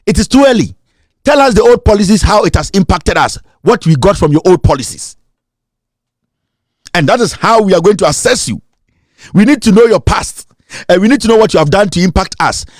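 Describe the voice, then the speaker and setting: Ghanaian male commentator, pitched a bit high, dry close sound, accusatory rant. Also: dry recording. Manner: emphatic, accusatory, mixes English with Twi. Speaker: political commentator. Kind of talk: fiery political rant.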